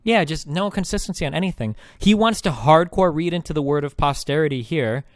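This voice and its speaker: A man's voice: fairly high pitch, animated, fairly quick, no room sound. A male streamer recapping a debate in casual, rambling talk, sarcastic and full of restarts.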